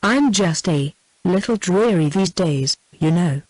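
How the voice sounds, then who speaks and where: Brief: synthetic British female voice as a self-pitying married woman, unacted, steady delivery. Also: on the low side, measured pace, no room sound, rough recording. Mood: plain. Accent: British English. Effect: synthetic text-to-speech voice.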